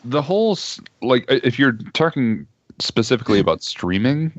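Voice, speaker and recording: A man's voice: medium pitch, sing-song, normal speed, dry recording, muffled recording. A man chatting casually as a guest on a livestream, joking and self-deprecating. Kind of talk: casual chat.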